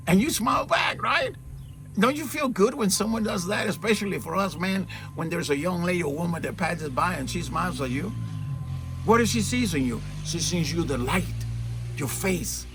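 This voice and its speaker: An earnest man gives an informal spiritual talk outdoors, his fairly high voice rising and falling in animated swings. He keeps asking rhetorical questions and checking in with "okay?". Faint outdoor ambience with wind chimes sits behind him. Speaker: spiritual teacher. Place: outdoors in the shade at his home, with trees and mountains. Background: faint outdoor ambience with birds and wind chimes.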